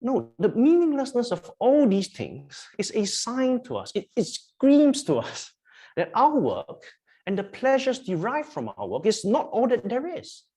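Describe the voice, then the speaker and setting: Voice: medium pitch, wildly swooping pitch, measured pace, dark tone, slightly rough. A preacher giving a sermon to a congregation, emphatic and repetitive, often asking the listeners questions. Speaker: pastor. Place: church.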